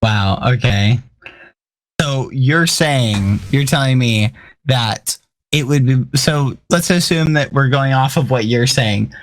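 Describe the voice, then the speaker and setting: A man's voice: medium pitch, slow pace. Incredulous young man in a mock debate. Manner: incredulous, animated, laughs often. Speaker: debater on a comedy talk show.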